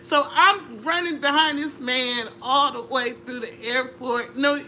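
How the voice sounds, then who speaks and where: Middle-aged woman guest, lively storyteller, bright tone. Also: high-pitched, unhurried, a little hiss or hum. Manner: animated, laughing, acts out voices in her story. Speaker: interview guest. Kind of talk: conversational storytelling.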